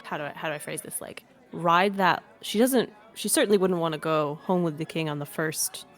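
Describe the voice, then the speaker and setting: A woman's voice: low-pitched, fairly quick, faint music behind. A woman playing in a tabletop game, playful and chatty as she describes her character. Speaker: player.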